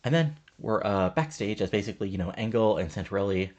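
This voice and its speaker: A man casually narrating a wrestling management game and reading the wrestlers' promos aloud in a flat murmur. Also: fairly low pitch, fast, dull audio. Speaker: game commentator.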